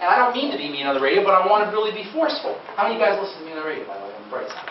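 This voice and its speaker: With a high voice, big pitch swings, and rapid-fire delivery, a man gives a conversational nutrition talk to a live lecture-room audience, quizzing them as he goes. The sound is dull and echoey from far off, with a noisy background.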